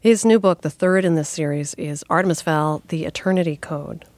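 A woman hosts a radio interview, setting up her guest and asking careful questions. Her voice is on the low side. The studio sound is dry and close. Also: no room sound. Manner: measured, gently probing questions.

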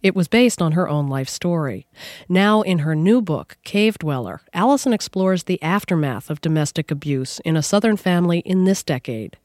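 Measured radio host woman, dry studio. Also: lowish voice, animated, darkish tone, no room sound. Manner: measured and composed, hesitant when asking questions. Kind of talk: scripted radio introduction and interview. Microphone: studio microphone.

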